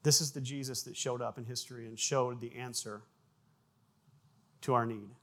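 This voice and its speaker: Animated male pastor preaching. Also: medium pitch, normal speed. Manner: animated storytelling, repeats words, sound effects in anecdotes. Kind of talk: sermon.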